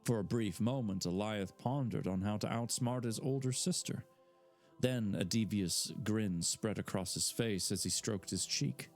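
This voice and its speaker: A man's voice: fairly low pitch, a little slow, soft background music. A man reading a fantasy novel aloud live, narrating with casual asides. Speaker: audiobook reader.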